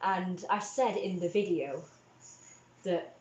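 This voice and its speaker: A woman's voice: on the low side, slow, a little mellow, reverberant, slight background noise. A young woman hosting a livestream, retelling a family conflict in a rambling, upset way with many restarts. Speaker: livestream host. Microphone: webcam or phone on a livestream.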